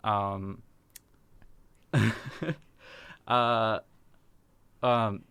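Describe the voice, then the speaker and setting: A man's voice: fairly low pitch, little pitch movement, very slow, fairly bright tone, clean tone, no room sound. A young man co-hosting a radio show, talking in a wry, self-deprecating way with plenty of fillers. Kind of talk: casual chat.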